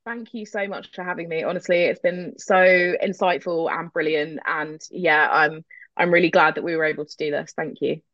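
Low-voiced woman, candid and self-deprecating. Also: steady tone, normal speed, fairly bright tone, dry recording, muffled recording. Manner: candid, self-deprecating, swears casually, laughs easily. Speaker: guest, metal vocalist. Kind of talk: casual interview chat.

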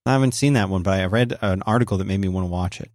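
A man co-hosting a podcast in casual chat, easygoing and quick to laugh, telling stories. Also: low voice, a little mellow, dry recording, studio quality. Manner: easygoing, laughs often, tells anecdotes. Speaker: podcast co-host. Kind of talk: casual chat, reads a sponsor spot.

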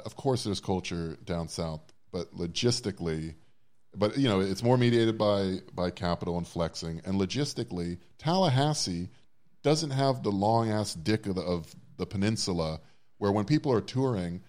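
A man's voice: on the low side, expressive, normal speed, a little mellow. A man co-hosting a podcast in casual chat, wordy and profane with a self-deprecating streak. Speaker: podcast co-host.

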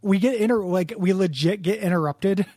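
A man's voice: high voice, normal speed, dark tone, dry recording, clean studio sound. A man co-hosting a podcast, chatting casually as he recaps a video game, rambling and acting out the characters' lines. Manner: rambling, laughs while telling, acts out characters' lines. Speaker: podcast co-host.

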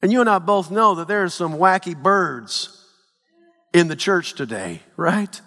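A man preaching a sermon in a church, swinging between shouted peaks and hushed low lines. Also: expressive, measured pace, long reverb tail. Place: church sanctuary.

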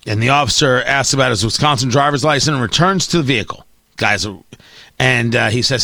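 A man's voice: medium pitch, a little fast, bright, forceful tone, no echo. A middle-aged man hosting a talk radio show, delivering an opinionated monologue in a sarcastic, combative way.

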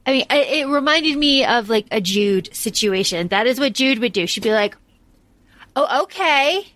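A woman's voice: on the high side, moderate pace, a bit bright, no room sound. A woman co-hosting a casual film podcast, enthusiastic and gushing, swearing casually. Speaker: podcast co-host. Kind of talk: casual chat about a film.

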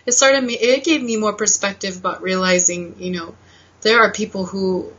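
Bright-voiced young woman, emotional storyteller. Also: medium pitch, muffled recording. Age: 20s. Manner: emotional, softening at painful moments; frequent fillers, quick laughs. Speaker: podcast guest. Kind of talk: candid conversational storytelling.

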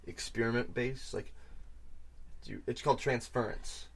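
Animated young man chatting about games. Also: medium pitch, moderate pace, vocal fry, husky. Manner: animated, swearing, lots of fillers. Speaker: podcast host. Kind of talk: casual gaming chat.

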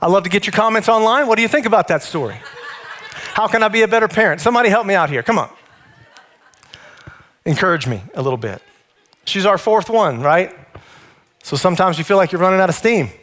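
This pastor, a man in his thirties, speaks quickly in a high, slightly bright voice. He preaches a sermon, opening with family stories told conversationally before shifting into teaching.

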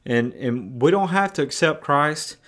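A man's voice: fairly high pitch, animated, a little slow, fairly bright tone. A male pastor preaching a sermon in a conversational way, often repeating words and restarting.

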